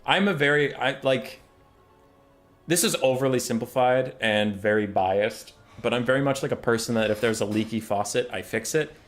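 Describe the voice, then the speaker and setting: A man's voice: medium pitch, normal speed, soft background music. A young man chatting casually while he streams a game, loose and joking, swearing freely.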